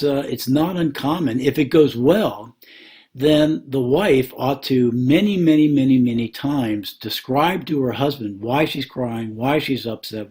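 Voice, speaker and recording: An earnest man talking to camera about marriage in the manner of a Christian counselor. He speaks slowly, pauses often and piles up repeated words for emphasis. His voice sits at an ordinary middle pitch. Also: darkish tone. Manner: slow, with many pauses and fillers. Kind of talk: advice talk to camera.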